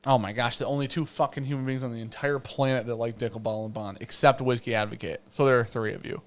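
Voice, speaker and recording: A man's voice: medium pitch, steady tone, fast talker. Profane joking male whiskey host. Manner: profane, joking, reads chat comments aloud. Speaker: show host. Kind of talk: casual live-stream chat while tasting whiskey.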